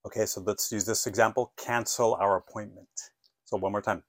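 A man teaching an English lesson, modeling phone phrases clearly and patiently asking listeners to repeat after him. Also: lowish voice, fairly even intonation, normal speed, no echo.

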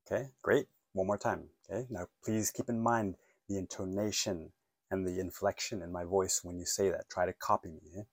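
Deep-voiced English teacher, dry sound. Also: male voice, steady tone, normal speed, no echo. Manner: encouraging, repeats words, checks in with "okay?". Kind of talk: online English lesson.

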